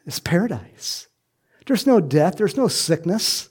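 Male pastor, animated sermon delivery, a little high, raspy edge. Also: a little slow. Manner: animated, acts out voices, laughs often.

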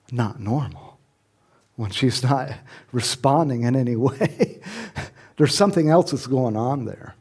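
A man's voice: a little high, darkish tone. A middle-aged man preaching a sermon in a conversational way, chuckling often and rising to emphatic questions. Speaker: pastor.

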